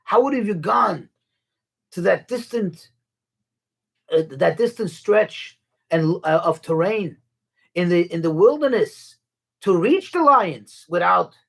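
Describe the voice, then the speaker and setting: Guy playing annoyed talking feet, kinda breathy. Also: high-pitched, animated, slow pace, long pauses, a bit bright, exaggerated voice. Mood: indignant. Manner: indignant, stumbling. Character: indignant talking feet, bickering.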